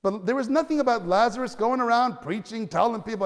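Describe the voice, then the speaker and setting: A male pastor preaching a sermon in a church, animated and conversational, with stammering restarts and loud cries at the high points. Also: fast, few pauses, in a large hall.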